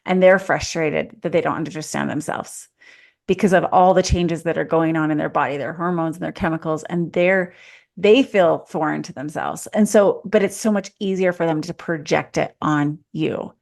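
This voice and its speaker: Woman, co-host, life coach, earnest coaching tone, somewhat low pitch. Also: steady tone, moderate pace, gravelly, darkish tone. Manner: earnest, coaching, thinks aloud. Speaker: mother of teens. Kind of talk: casual advice chat.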